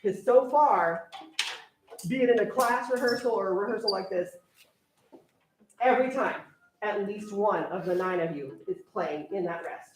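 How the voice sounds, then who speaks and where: A young woman orchestra teacher directing a string rehearsal, briskly counting off and coaching her players. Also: medium pitch, far from the mic, slight background noise. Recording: echoey room, voice from afar, strings playing.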